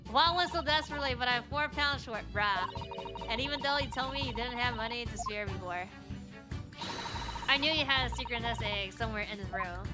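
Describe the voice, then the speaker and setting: Lady streamer reading out all the game lines herself, kinda high voice, game music going underneath. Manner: reads every character's lines herself, with casual asides and swearing. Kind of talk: reading game dialogue aloud in a let's-play.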